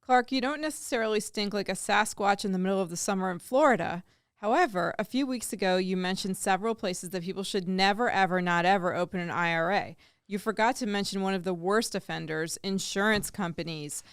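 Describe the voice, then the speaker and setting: A woman's voice: mid-range voice, a little fast, smooth, no echo. A woman co-hosting a radio show, reading listener letters aloud in an upbeat, amused way into a studio microphone. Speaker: radio co-host.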